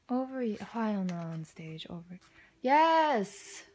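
A young woman casually commenting as she unboxes a photobook, gushing and excitable, with soft muttered asides between her exclamations. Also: medium pitch, slow. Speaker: unboxing vlogger.

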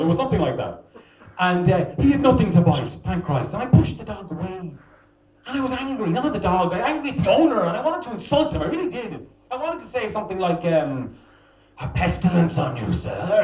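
A young man performing a stand-up comedy set in a bar, telling crude, self-mocking stories with an animated delivery. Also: high-pitched. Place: small bar with a live audience. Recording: roomy bar sound, mic from a distance.

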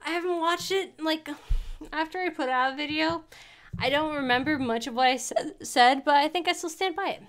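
A woman's voice: high voice, brisk, fairly bright tone. A woman streamer in casual livestream chat, rambling and often breaking off mid-word to restart. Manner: rambling, with frequent self-interruptions and restarts.

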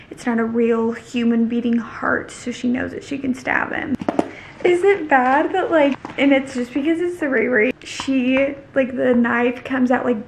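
Gravelly, chatty woman reading aloud. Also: a little high, slight background noise. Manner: chatty and gushing, heavy use of "like". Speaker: book vlogger. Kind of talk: casual book reread, reading passages aloud and reacting.

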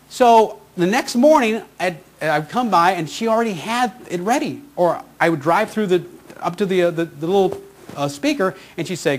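Inspirational speaker and radio host, male, higher-pitched, very expressive storyteller, light music bed. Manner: animated, heartfelt storytelling with acted-out quotes.

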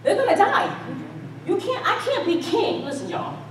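A woman's voice: very high voice, huge pitch swings, moderate pace, a little hiss or hum. A woman preaching a casual, playful sermon, joking and laughing with the congregation. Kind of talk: conversational sermon. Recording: echoey church hall, mic at a distance.

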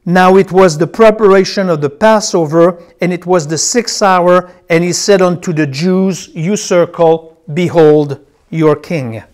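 A man's voice: high-pitched, unhurried, darkish tone. A man teaching a Bible class, who repeats key phrases and tells his students which words to circle as he reads.

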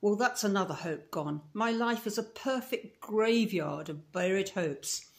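A woman's voice: mid-range voice, expressive, unhurried. A woman with a Scottish accent reading aloud as a talkative, romantic eleven-year-old orphan girl in a storybook. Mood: wistful. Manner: gushing, romantic, breathless run-on talk.

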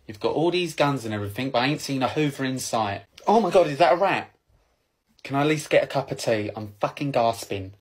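Man voicing a kidnapped woman, deadpan, cheeky and demanding, husky comic sketch voice. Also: medium pitch, fairly quick. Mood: indignant. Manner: deadpan and indignant, swearing. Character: kidnapped woman, bossy, complaining, unfazed. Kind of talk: comedy sketch.

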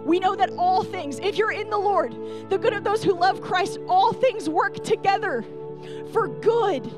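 A young woman preaches a sermon in a high, clear voice. She speaks tenderly and earnestly, then swells to emphatic, ringing declarations. Soft music plays faintly underneath. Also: expressive, unhurried. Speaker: pastor.

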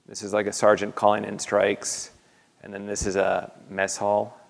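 Low, gravelly man in a reverberant lecture hall. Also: completely flat delivery. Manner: halting, with many fillers and restarts. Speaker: artist giving a lecture. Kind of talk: slide talk to an audience.

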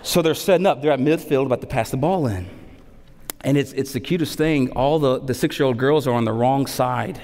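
A man in his thirties, a pastor preaching a sermon, animated and repeating key phrases for emphasis between humorous stories. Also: mid-range voice, a little fast, a little hiss or hum. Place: church sanctuary. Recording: long hall reverb.

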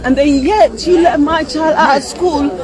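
A woman's voice: high-pitched, unhurried. A woman, a parent, indignantly confronting a school official, emphatic and pleading. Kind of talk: angry confrontation at a protest. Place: outdoors by a school. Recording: crowd noise outdoors. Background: crowd of protesters.

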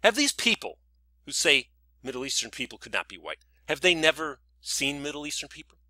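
A man vents in a sarcastic, indignant monologue, piling up rhetorical questions. His voice is strikingly bright and cutting. The sound is dry and close, with no room around it. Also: on the high side, sing-song, fairly quick, no echo. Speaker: vlogger. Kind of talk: scripted ranting monologue.

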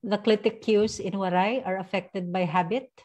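A woman's voice: medium pitch, fairly even intonation, normal speed, a little mellow. A woman speaking on an online panel over a video call, hesitant and searching for words.

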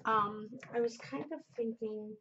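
A woman's voice: a little high, unhurried, bright, forceful tone, slight background noise. Chatty, gushing woman podcast host. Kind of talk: casual chat. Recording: muffled lo-fi home recording.

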